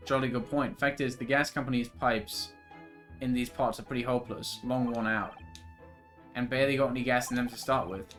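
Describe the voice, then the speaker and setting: A man's voice: mid-range voice, fairly even intonation, brisk, fairly bright tone, soft background music, close to an everyday voice. A man voicing a confident, eccentric male detective who lectures breezily. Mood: explaining.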